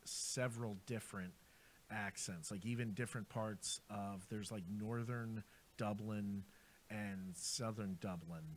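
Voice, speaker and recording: An American man with a lowish voice chatting casually on a radio show, rambling from point to point. A faint hiss sits under the recording. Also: steady tone. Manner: rambling, chatty, quick to laugh.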